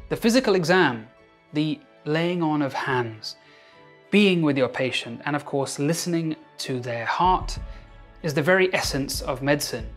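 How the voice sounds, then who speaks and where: A man, a doctor, narrating a scripted educational video with wry, self-mocking asides. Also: on the high side.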